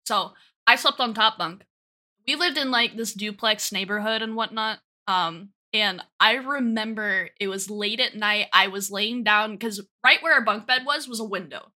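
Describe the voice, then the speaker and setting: A young woman co-hosting a podcast, telling a childhood story in a relaxed, low-key way with frequent laughs. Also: normal speed. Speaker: podcast co-host. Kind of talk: casual chat, storytelling.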